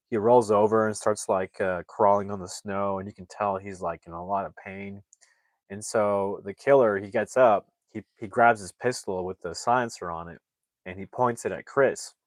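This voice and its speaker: Rambling low-voiced male movie reviewer. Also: steady tone, moderate pace, dry recording. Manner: rambling, full of "like" fillers and self-corrections. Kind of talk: casual plot recap.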